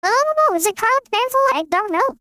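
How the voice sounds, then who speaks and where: A man putting on a silly, very high voice for a goofy rambling character, joking crudely. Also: very animated, fast talker, sharp tone, dry recording, exaggerated voice.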